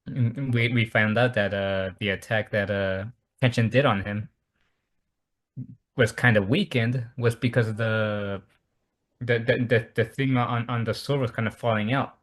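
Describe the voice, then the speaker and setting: A man's voice: fairly low pitch, fairly even intonation, a little slow, fairly bright tone. A man retelling anime scenes over a call, stumbling and repeating words as he goes. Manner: stumbling, repetitive retelling with many restarts. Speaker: anime review co-host. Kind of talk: casual chat over a call.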